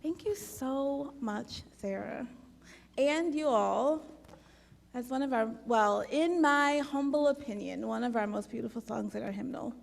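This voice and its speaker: A woman leading a congregation service, telling a parable in an unhurried, gentle storytelling manner. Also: a little high, creaky. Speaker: worship leader. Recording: long hall reverb.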